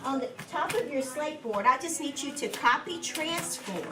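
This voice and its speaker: A woman teacher leading a guided reading lesson with young children in a classroom, patient and encouraging, speaking slowly and clearly. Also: high voice, animated. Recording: echoey room from a distance, background noise.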